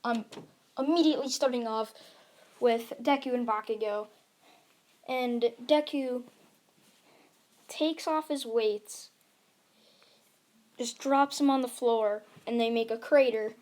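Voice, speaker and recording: A woman with a somewhat high voice narrates a homemade anime fan story in a loose, chatty way. She rambles, leans on "like", and corrects herself mid-sentence. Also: slow pace, long pauses, a little mellow. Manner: rambling, heavy on "like", self-correcting. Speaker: YouTube storyteller. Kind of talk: casual fan-fiction narration.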